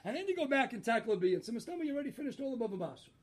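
A man with a very high voice leads a Torah lecture and strings one rabbinic story into the next. He talks in an animated, quick way and keeps laughing at his own punchlines.

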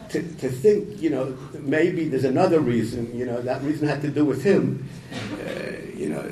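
A man tells a story in an informal talk to yeshiva students, halting and repeating words and using Yiddish and Hebrew terms. His voice is medium-pitched with a dark tone, heard from far off in an echoey room with faint noise.

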